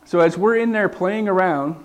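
A man giving a church talk, telling a story while showing pictures, with a slightly high-pitched voice. He talks conversationally, checks in with "okay," and often restarts his sentences. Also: normal speed.

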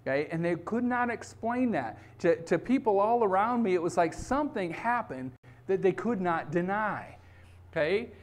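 A man's voice: high-pitched, expressive, moderate pace. A middle-aged man preaching a sermon, emphatic and checking in with his listeners by asking "okay?" again and again. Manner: emphatic, repeats "okay?" to the congregation. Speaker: pastor.

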